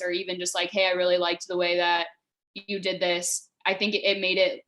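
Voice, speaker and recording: A woman's voice: fairly low pitch, flat delivery, normal speed, a bit bright. Young woman, rambling with "like". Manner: rambling, heavy use of "like". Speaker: former player, panelist. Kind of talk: panel discussion.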